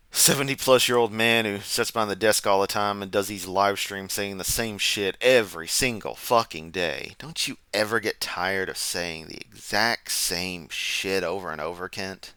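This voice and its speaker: A man's voice: lowish voice, moderate pace, hardly any pauses, pushed and bright, smooth, no room sound. A man hosting a comedic reaction commentary, sarcastic, mocking and profane. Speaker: commentary channel host.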